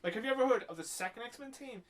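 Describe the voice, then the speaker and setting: Male podcast co-host, high voice, chatty trivia guy, noisy recording. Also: animated, quick pace. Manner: chatty, asks questions and adds comic-book trivia. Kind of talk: casual movie review chat.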